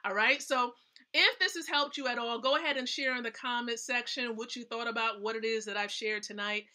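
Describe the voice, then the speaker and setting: Bright, chatty woman coaching on a live stream. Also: on the high side, fairly even intonation, fairly quick. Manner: chatty, emphatic, asks the audience questions. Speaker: host.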